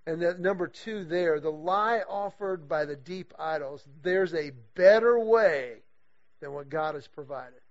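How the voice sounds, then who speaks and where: A middle-aged man preaching to a men's group, his voice sitting high for a man. He tells stories with lively animation and acts out the people he quotes. The recording sounds dull and lo-fi. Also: a little slow. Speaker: guest speaker leading a men's series. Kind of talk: storytelling sermon talk.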